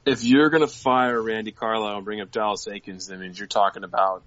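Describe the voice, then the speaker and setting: Bright-voiced man on a dull dry mic. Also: on the low side, fairly even intonation, quick pace, no room sound. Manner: opinionated, reads viewer chat questions aloud. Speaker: co-host of a hockey fan show. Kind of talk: casual podcast chat.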